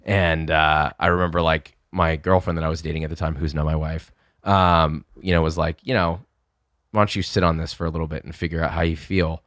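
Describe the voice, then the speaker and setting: A young man telling a lively story in casual chat, swearing freely and acting out the people he quotes. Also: rumbling low, brisk, dry recording, clean studio sound. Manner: animated, swearing, acts out quotes. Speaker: podcast guest.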